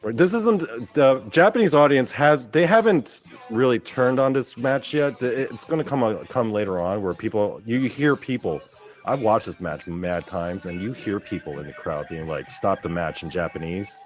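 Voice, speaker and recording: A man hosting a show, giving casual, profane, excitable commentary as he watches a clip. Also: mid-range voice, moderate pace, soft background music. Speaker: podcast host.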